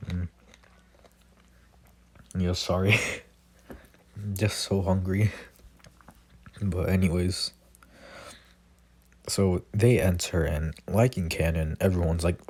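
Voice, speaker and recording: A man's voice: sits low, husky. A young man casually improvising a fan story as a narrator, rambling with lots of "like" and self-corrections.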